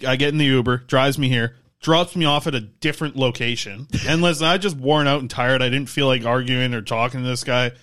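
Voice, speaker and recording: Tired guy rambling about hockey on a podcast, mid pitched voice. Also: a little fast, hardly any pauses. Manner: rambling, animated hockey talk. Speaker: podcast co-host. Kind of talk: casual sports podcast chat.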